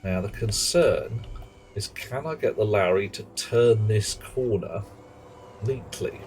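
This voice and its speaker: A man's voice: on the low side, takes it slowly, darkish tone, a little hiss or hum. Man muttering through a game stream. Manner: muttering to himself, chatty asides. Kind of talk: live gameplay commentary. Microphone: headset.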